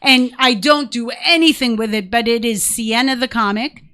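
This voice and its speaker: High bright woman with dry wisecracks. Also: moderate pace. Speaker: guest comedian. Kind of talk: casual chat.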